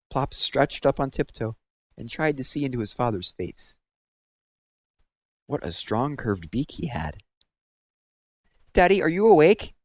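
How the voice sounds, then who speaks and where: A man reading a children's book aloud with expressive storytelling, close to the mic. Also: medium pitch, no room sound. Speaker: read-aloud host.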